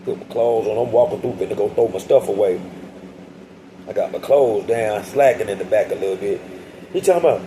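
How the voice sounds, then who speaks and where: A man's voice: fairly low pitch, fairly quick, mellow, slight background noise, rough recording. A young adult man telling a casual storytime vlog, slangy and profane, often addressing his listeners directly. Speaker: vlogger telling a prison story.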